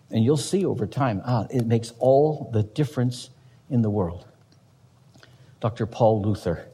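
A man's voice: lowish voice, dark tone, breathy edge. Emphatic male pastor preaching in a hall. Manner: emphatic preaching with rhetorical questions. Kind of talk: sermon.

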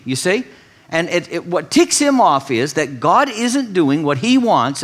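A man preaching a sermon, reading scripture and then teaching with animated, mocking paraphrases. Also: on the high side. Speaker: pastor.

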